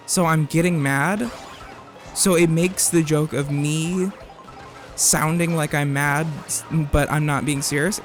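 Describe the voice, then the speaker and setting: A man with a slightly high voice live-streams a game while chatting casually, reading viewers' messages aloud and arguing back. He swears plenty and keeps rambling and restarting.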